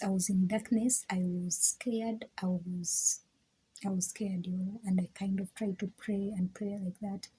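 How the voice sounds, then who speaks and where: A young woman tells a personal story to her vlog audience in a loose, chatty way. Her voice is mellow and very husky, and she repeats words as she goes. She laughs often and sometimes slips into a whisper. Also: medium pitch, poor audio. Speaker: vlogger. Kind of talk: casual storytelling.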